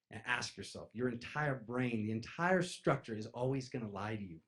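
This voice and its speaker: Animated man telling spiritual stories. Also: medium pitch, normal speed, hardly any pauses. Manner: animated, acts out voices in stories, addresses crowd as "you guys". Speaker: spiritual speaker. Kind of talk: casual storytelling talk to an audience.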